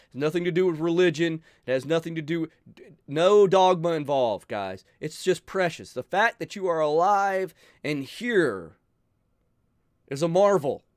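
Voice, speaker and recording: A man hosting a channel, talking earnestly and emotionally to his viewers, pleading with them, sighing and pausing as he speaks. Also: fairly high pitch, no echo, clean studio sound. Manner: emotional, pleading, with sighs and pauses. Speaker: channel host. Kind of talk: earnest heartfelt talk to viewers.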